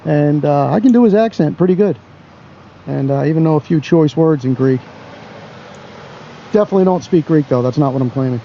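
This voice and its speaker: A man's voice: on the high side, a little fast, pauses often, highs cut off, slight background noise. A man filming in public and narrating as he goes, in a blunt, profane and mocking manner. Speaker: camera-carrying auditor. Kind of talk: narrating while filming outdoors.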